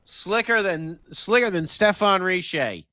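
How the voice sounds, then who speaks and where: A man's voice: sits high, animated, measured pace, pushed and bright, no echo, studio quality. A man co-hosting a late-night live sports podcast, joking around and greeting chat viewers by name. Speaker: podcast co-host.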